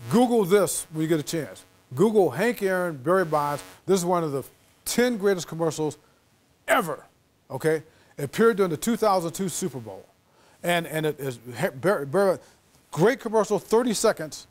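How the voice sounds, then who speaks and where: Middle-aged guy guest lecturing, lively storyteller voice, bit high, swoops all over doing the other people's lines. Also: normal speed. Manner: animated storyteller acting out quoted dialogue. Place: lecture hall.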